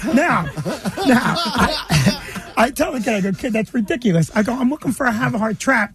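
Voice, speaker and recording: A man with an extremely high, sing-song voice speaks at a moderate pace. He's a comedian appearing as a guest, animatedly telling a funny story, laughing between lines and doing the voices of the people in it.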